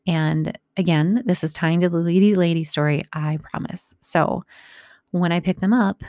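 A woman in her thirties or forties speaks straight to her listeners, telling a personal story in an unhurried, reflective way. Her voice sits low, with a gravelly fry and a mellow, dark tone. The recording is close and dry. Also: fairly even intonation, dry recording. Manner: warm, reflective, a bit long-winded with restarts. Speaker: podcast host speaking to listeners.

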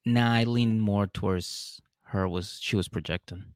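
A man's voice: fairly low pitch, steady tone, a little slow, clean tone, no echo, studio quality. A man co-hosting a casual podcast, laid-back, giving short reactions and laughing often. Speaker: podcast co-host. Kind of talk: casual chat.

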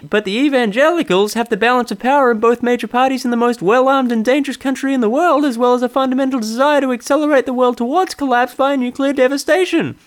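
A man's voice: extremely high pitch, quick pace, few pauses, pitched above the performer's own voice. A man putting on a smug male stand-up comedian, delivering observational riffs in a sing-song wise-guy voice. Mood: smug riffing.

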